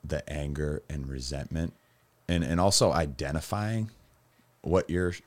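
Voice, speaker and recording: A man with an extremely low, rumbling voice speaks as a guest about his own life. He rambles through his story with frequent fillers and self-corrections. He turns lively and animated when he recounts funny moments. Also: measured pace. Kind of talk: candid personal storytelling.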